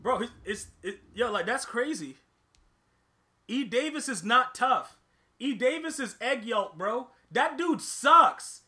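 Gaming host, male, very high bright voice, excitable slangy trash-talk commentary. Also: measured pace. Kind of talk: ranting live gameplay commentary.

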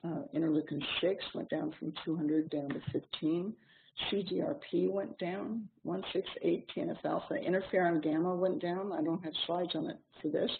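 Gravelly-voiced woman lecturing on a tinny recording. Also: on the low side. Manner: measured, explanatory lecturing with frequent um pauses. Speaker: seminar instructor. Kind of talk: clinical seminar lecture. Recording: tinny lo-fi seminar recording with faint hiss.

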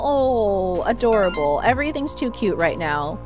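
A woman giving excitable, giggly commentary while she plays a video game. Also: medium pitch, moderate pace, music in the background. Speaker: let's player. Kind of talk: gameplay commentary.

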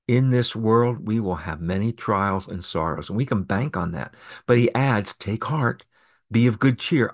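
A male pastor delivers a sermon in an ordinary mid-range voice. He punches key lines with sharp jumps in pitch and volume. When he reads scripture, he settles into an even narrating tone. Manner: emphatic preaching with sharp rises in pitch and volume on key phrases.

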